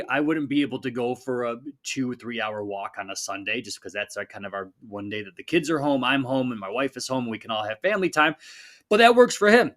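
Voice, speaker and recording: Energetic man hosting a fitness podcast. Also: medium pitch. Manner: energetic, conversational, repeats phrases for emphasis. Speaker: podcast host, fitness coach. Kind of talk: casual motivational talk.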